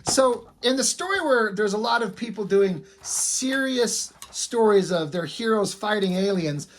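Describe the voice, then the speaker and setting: Male vlogger, loose and rambling, quick to laugh and curse, casual show-and-tell delivery. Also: high-pitched, expressive. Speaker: video creator.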